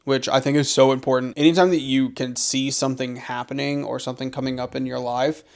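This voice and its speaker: A man's voice: medium pitch, level tone, a little fast. A young man co-hosting a podcast, talking earnestly and reflectively about faith in a casual conversation. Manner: earnest, reflective, repeats phrases for emphasis. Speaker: podcast co-host.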